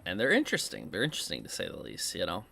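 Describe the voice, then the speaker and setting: A man's voice: low voice, huge pitch swings, very fast, gravelly, sharp tone, slightly rough. A man commentating on clips in a casual way, thinking aloud and restarting his questions as he goes. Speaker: reaction commentator.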